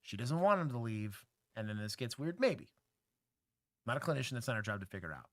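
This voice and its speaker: A man's voice: medium pitch, big pitch swings, brisk, no echo, clean studio sound. Blunt joking man hosting a livestream. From Texas. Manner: blunt, joking, lots of filler words. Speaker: host, former police officer. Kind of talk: casual livestream commentary.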